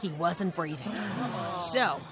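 A woman voicing a boastful young boy lizard in a cartoon who tells his stories with excitable drama. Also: lowish voice, slow pace, a crowd in the background. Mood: dramatic. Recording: cartoon soundtrack with music.

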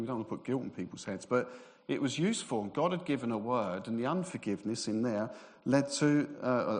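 A man preaching a sermon, telling personal ministry stories in a conversational way. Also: medium pitch. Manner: conversational storytelling, acts out quoted voices. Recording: long reverb of a large hall.

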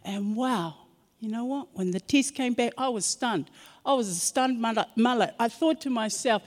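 A middle-aged woman, telling a personal story in an earnest, expressive way. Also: on the high side, moderate pace, big-room sound. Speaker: guest sharing her testimony.

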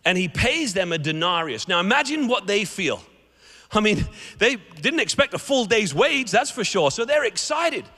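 A man with a high-pitched voice speaks at normal speed while giving a sermon as a guest preacher. He tells stories animatedly and acts out their characters, with echoey hall reverb in the recording.

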